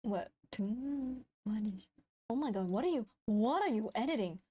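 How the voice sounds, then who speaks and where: A high-voiced woman streamer chatting casually on a live stream, her pitch leaping all over the place. She is excitable and laughs a lot, with plenty of swearing. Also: moderate pace, husky.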